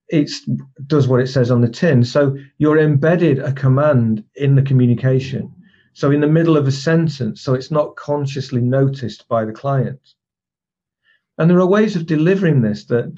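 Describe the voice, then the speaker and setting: A man's voice: medium pitch, mellow, slightly rough, highs cut off. A man teaching a recorded lesson as a trainer, explaining techniques step by step with demonstration phrases and frequent restarts.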